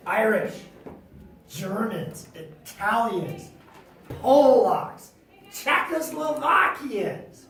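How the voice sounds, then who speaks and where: A male teacher giving an animated, slangy classroom lecture, acting out little scenes with his students. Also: very high voice, vocal fry, a little hiss or hum. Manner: animated, slangy, acts out quotes. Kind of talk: classroom lecture with role-play. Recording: echoey classroom from far off.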